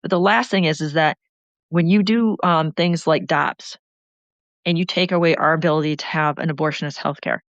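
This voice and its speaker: A woman's voice: low voice, fairly even intonation, normal speed, no room sound. A woman talking about politics in a passionate, rambling way that keeps running on. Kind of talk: impassioned political talk. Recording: dull lo-fi sound.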